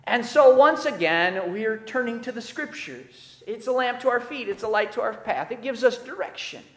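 A man's voice: very high-pitched, moderate pace, fairly bright tone, echoey room. A man of about forty, a pastor preaching a sermon and reading scripture in a church, earnest, often restarting and repeating words. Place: church sanctuary.

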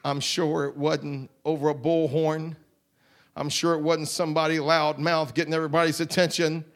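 High-pitched preacher whooping at a revival. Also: male voice, level tone, normal speed. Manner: swings from quiet murmurs to shouted whoops. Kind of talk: revival sermon.

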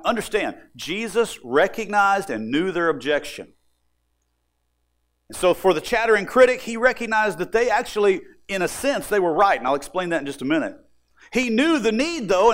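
A man preaching a sermon, animated, and acting out the voices of people he quotes. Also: high voice. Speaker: pastor.

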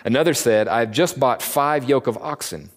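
A man's voice: mid-range voice, animated, moderate pace. A man giving a casual Bible teaching, talking conversationally and acting out quotes in slangy voices, recorded in a church hall. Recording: long reverb of a large room.

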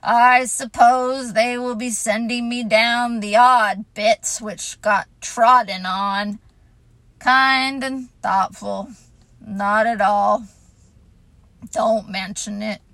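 A woman voicing a gloomy old male donkey who speaks slowly and mournfully. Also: a little high, fairly even intonation, fairly bright tone, no room sound. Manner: slow, glum, resigned.

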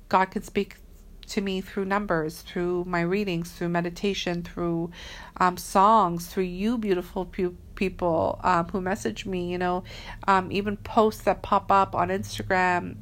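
A woman talking casually and earnestly to her followers as a spiritual reader, chatty and slangy, with many fillers. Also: lowish voice. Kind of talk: casual spiritual vlog talk.

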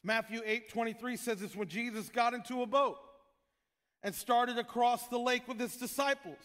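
A man preaching a sermon as pastor, joking with his congregation and breaking into loud shouted prayers. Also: very high-pitched, in a large hall.

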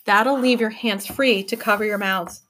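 A woman voicing a fussy, easily flustered elderly male professor in a read-aloud storybook, often in hushed, breathy tones. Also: mid-range voice, normal speed, slight background noise, lightly acted.

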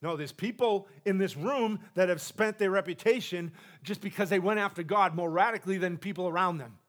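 A man's voice: high voice, a little fast. Passionate charismatic male preacher. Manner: passionate, swings from loud exhortation to soft asides, laughs often. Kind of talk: charismatic sermon. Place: church sanctuary.

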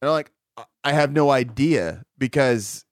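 A man's voice: medium pitch, lively intonation, normal speed, dry recording. A young man co-hosting a podcast, telling rambling stories in casual chat, swearing often, with a close microphone. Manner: profane, rambling storytelling with laughs.

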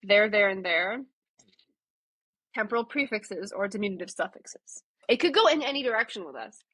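A woman co-hosts a podcast in casual, thoughtful conversation, now and then restarting a phrase. Her voice is bright and husky, with a dry, close sound and no room echo. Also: mid-range voice, expressive, normal speed. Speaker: podcast co-host.

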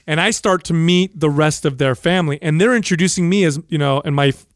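A man's voice: a little fast, no room sound, clean studio sound. A man co-hosting a podcast, telling a long family story with lots of swearing and acting out the people he quotes. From USA. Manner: acts out quoted people with raised pitch, swears freely. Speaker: podcast co-host. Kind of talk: animated storytelling.

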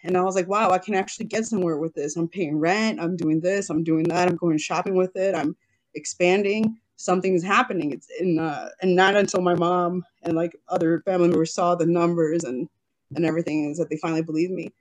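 A woman's voice: on the low side, fairly even intonation, a little fast. A woman in her thirties, a business owner being interviewed, talking casually and emotionally, often quoting herself, on a video call. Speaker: guest, jewelry business owner.

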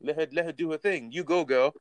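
A man's voice: fairly high pitch, a little fast, a crowd in the background, low-quality recording. A young man with a London accent, telling stories in loose, slangy casual chat on a podcast. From West London. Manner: slangy, storytelling, laughs often.

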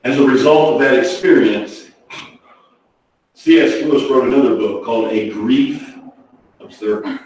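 A man preaching a sermon, swinging from hushed, slow phrases to shouted ones. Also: mid-range voice. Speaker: pastor. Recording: echoey hall from far off.

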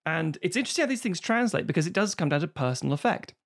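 A man's voice: a little high, animated, rapid-fire, gravelly. A British man in casual podcast chat, swearing freely and slipping into silly voices. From Britain.

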